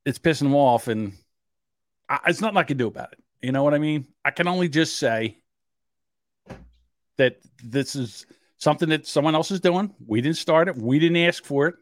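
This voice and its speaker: A man's voice: fairly high pitch, lively intonation, normal speed, no echo, studio quality. A man co-hosting a casual podcast, joking, laughing often and slipping into mocking voices. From Irish. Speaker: podcast co-host.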